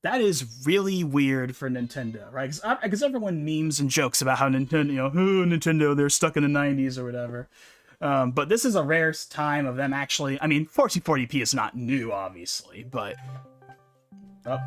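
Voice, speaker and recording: A man's voice: mid-range voice, lively intonation, normal speed, a bit bright, dry recording, faint music behind. A man hosting a live reaction stream, musing aloud and often restarting his thoughts. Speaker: streamer host.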